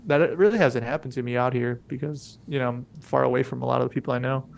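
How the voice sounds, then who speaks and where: A man's voice: medium pitch, fast talker, gravelly, slight background noise. A young man co-hosting a podcast, telling a rambling, profane story in casual slang and acting out the people he quotes. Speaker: podcast co-host.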